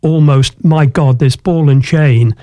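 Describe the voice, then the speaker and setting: Guy recounting old club troubles, warm mellow voice, dry close sound, lots of you knows. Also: fairly high pitch, slow pace, no room sound. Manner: anecdotal, leans on "you know" fillers. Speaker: former football club owner telling his story. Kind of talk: reflective storytelling in an interview.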